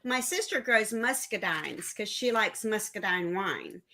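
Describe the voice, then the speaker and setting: A woman's voice: medium pitch, animated, measured pace, sharp tone. A woman in a casual chat who tells long anecdotes in an easygoing way. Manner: chatty storyteller.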